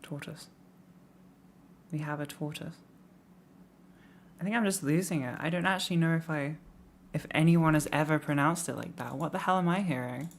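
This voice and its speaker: A young adult streamer with an English accent who grew up in the Midlands, talking casually to a live audience at home. The voice sits at a middle pitch and the talk wanders. It mocks itself and breaks into laughs, over a faint hiss of background noise. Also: moderate pace, vocal fry, pauses often. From Midlands, England. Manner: rambling, self-mocking, laughs often. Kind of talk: casual live-stream chat reacting to tips.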